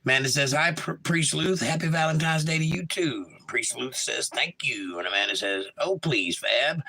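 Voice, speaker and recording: A livestream host with a Southern drawl from Georgia, chatting easily with his viewers as he reads their messages out. His voice has a gravelly edge to it. The tone stays bright and forward throughout. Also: mid-range voice, moderate pace, hardly any pauses, low-quality recording. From Georgia, USA. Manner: laid-back, reads chat messages aloud and replies. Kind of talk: casual livestream chat, reading comments aloud.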